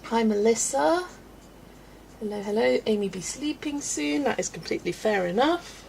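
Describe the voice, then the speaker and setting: A woman's voice: fairly high pitch, expressive, normal speed, vocal fry, darkish tone, slight background noise. A woman hosting a casual livestream, chatty and laughing often as she greets viewers by name, a little out of breath. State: slightly out of breath. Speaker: livestream host.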